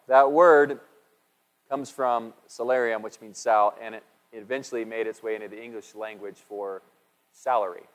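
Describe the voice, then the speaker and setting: A male pastor giving a conversational sermon, chatty and asking his congregation questions as he goes. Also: on the low side. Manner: chatty, asks the congregation questions, restarts often. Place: church sanctuary. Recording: echoey hall with long reverb.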